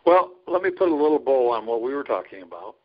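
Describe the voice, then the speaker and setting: A trucker chaplain and ministry leader tells stories in a casual interview, earnest and folksy, laughing often. His medium-pitched voice swings widely in pitch and moves quickly, captured on a dull lo-fi recording.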